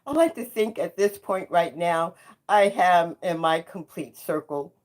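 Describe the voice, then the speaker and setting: A woman's voice: fairly low pitch, expressive, a little slow. A woman in her seventies hosting a livestream, talking in an impassioned monologue and repeating phrases for emphasis like a preacher. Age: 70s. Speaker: host.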